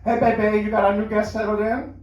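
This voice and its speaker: A man plays a laid-back young husband with an easygoing, drawling way of talking, pitched high. The voice echoes through a roomy lounge from a distant mic. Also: level tone, brisk, lo-fi sound, natural voice.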